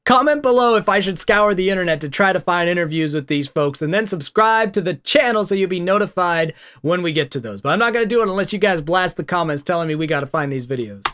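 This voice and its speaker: A man's voice: sits high, animated, fast talker, few pauses, fairly bright tone. A man casually reacting to a comedy special with chatty, chuckling asides. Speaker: reaction video host.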